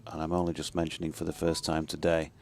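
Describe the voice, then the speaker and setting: A man's voice: a bass voice, monotone, fast, a little mellow. A man in a radio cricket commentary box, bantering in a dry, wry way.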